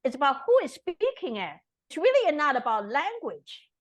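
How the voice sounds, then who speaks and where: A woman's voice: sits high, sing-song, moderate pace, rough recording. A woman from Taiwan, an interview guest, making her points earnestly and emphatically and often checking in with tag questions. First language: Taiwanese Mandarin. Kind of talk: conversational interview.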